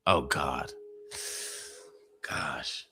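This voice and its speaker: A man's voice: a bass voice, very slow, background noise. A man hosting a podcast live watch party, chatting casually and profanely, groaning and laughing at gory scenes. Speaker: podcast host.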